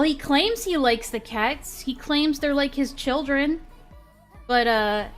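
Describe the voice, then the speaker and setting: A woman streamer casually retelling an argument, acting out both sides of the dialogue with lots of fillers. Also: on the high side. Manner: animated retelling with quoted dialogue and frequent fillers. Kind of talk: casual storytelling chat.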